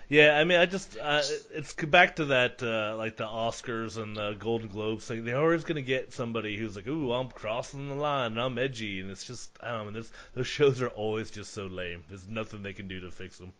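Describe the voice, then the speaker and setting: Bright-voiced man making wry remarks. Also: lowish voice, a little fast, few pauses. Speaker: podcast co-host. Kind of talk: casual chat.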